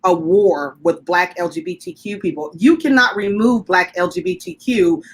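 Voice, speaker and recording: A woman guest activist on a video call, speaking in an articulate, reasoned and measured way. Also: lowish voice, husky. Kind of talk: discussion.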